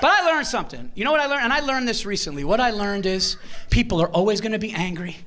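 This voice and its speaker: A man doing a stand-up comedy set in a live venue, brash and profane, shouting his punchlines. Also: high voice, expressive, quick pace, crowd noise, noisy background.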